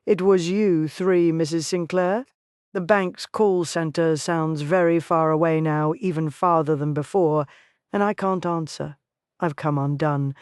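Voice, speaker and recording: Woman reading a thriller audiobook, smooth clear voice, dry close mic, steady. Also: lowish voice, no echo. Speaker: audiobook narrator. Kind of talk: scripted first-person narration.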